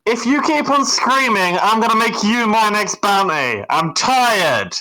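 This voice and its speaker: A man voicing a grumpy male neighbor who yells angrily through the ceiling, muffled. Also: high-pitched, animated, a little slow, voice pushed up, exaggerated voice. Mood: angry shouting.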